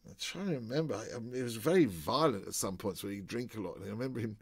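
A man's voice: fairly low pitch, expressive, quick pace, breathy edge, dry recording. An older man telling a rambling anecdote in a casual way. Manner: rambling, with many fillers and restarts. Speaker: storyteller.

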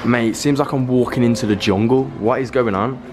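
A young man talks straight to camera in an excitable, chatty way, his slight lisp catching on some sounds. He hypes his prank plans and begs viewers to subscribe in a fast, informal vlogger patter. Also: medium pitch, faint music behind. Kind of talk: casual vlog talk to camera.

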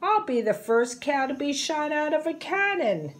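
A bright, excitable young cow from a storybook, hopeful and a little clumsy, as a woman reading aloud puts her on. Her voice rides higher than the narration and yelps out whenever things go wrong. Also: moderate pace. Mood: eager. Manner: hopeful, excitable, cries out loudly.

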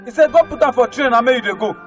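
A man with a Nigerian accent, a comedian telling a funny story in pidgin, animated and sing-song. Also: very high-pitched, racing, faint music behind. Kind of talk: comic storytelling.

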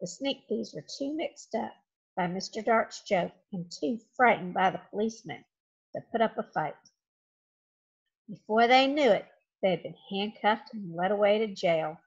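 A woman reading a children's chapter book aloud in an expressive, dramatic way. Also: mid-range voice, normal speed, slightly rough. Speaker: storybook reader. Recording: dull lo-fi home recording.

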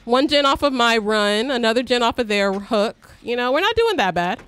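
A young woman streamer giving live gameplay commentary, excitable, swearing and shrieking when startled. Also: on the high side, normal speed, clean tone.

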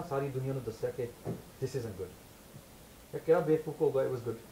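A man from the UK giving an informal lecture to a camp audience, animated and questioning, mixing Punjabi phrases into English. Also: a little high, a little hiss or hum, poor audio. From United Kingdom.

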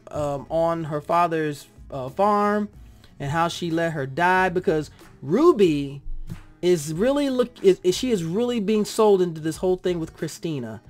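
A lively reviewer chats through a TV episode, voice rising and falling as they act out their own reactions. They drift now and then into heartfelt side remarks. Faint music plays softly behind them. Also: medium pitch. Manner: animated, acts out own reactions. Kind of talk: casual spoken review.

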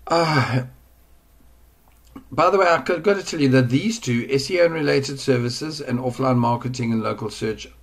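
A man's voice: mid-range voice, moderate pace. Chatty rambling man teaching online marketing. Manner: rambling, chatty, drifts off mic at times. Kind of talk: casual screen-share tutorial.

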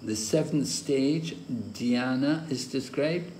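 A man, a spiritual teacher, giving a scripture class lecture and explaining terms step by step in a slow, deliberate way, with an occasional chuckle. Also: medium pitch, a little mellow. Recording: roomy echo with faint ambient noise.

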